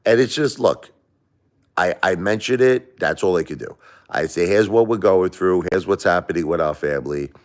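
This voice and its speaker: Deep-voiced emphatic East Coast man. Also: lively intonation, moderate pace. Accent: East Coast American. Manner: emphatic, repetitive, swings between loud protest and soft blessing. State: sick for a few days. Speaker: live stream host. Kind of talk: casual live stream chat. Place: at home by a Christmas tree.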